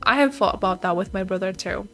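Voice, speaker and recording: A woman's voice: mid-range voice, fast, bright, forceful tone, soft background music. A woman hosting a reaction video, chatting casually, reading posts aloud and laughing often.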